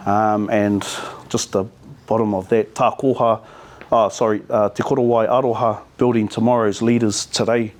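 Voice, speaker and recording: A man's voice: lowish voice, moderate pace. Casual NZ-accented man, middle-aged, easygoing storyteller at a community talk. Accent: New Zealand. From New Zealand. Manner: relaxed, storytelling with te reo Māori words. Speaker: community speaker.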